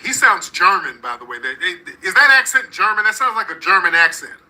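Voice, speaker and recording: A man's voice: high voice, very animated, fairly quick, heavy background noise. A man from North Texas hosting a reaction commentary, talking bluntly and heatedly straight to his viewers. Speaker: commentary channel host.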